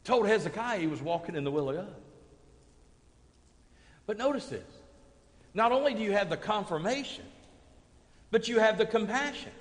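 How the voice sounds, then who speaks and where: A high-pitched man preaches to his congregation. He drops to near whispers, then climbs to booming peaks. The long reverb of a large sanctuary hangs on his words. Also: normal speed, long pauses. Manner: animated preaching, swinging from hushed to booming. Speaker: pastor. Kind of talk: sermon. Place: church sanctuary.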